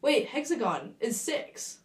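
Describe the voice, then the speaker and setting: A young Frenchwoman with a French accent speaks slowly in a fairly high voice. As a guest in a casual conversation, she is playful and animated and laughs easily. The video-call audio sounds echoey, with her sitting far from the microphone.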